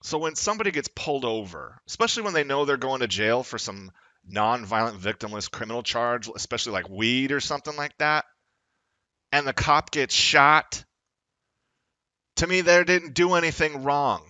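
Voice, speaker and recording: A man rants at the camera in a confrontational, profane vlog, his voice tense and forceful, and he often climbs into shouting. The sound is close and completely dry, with no room echo at all. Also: mid-range voice, expressive, normal speed. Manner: angry, profane, rising to shouts. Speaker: vlogger. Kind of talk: confrontational political rant.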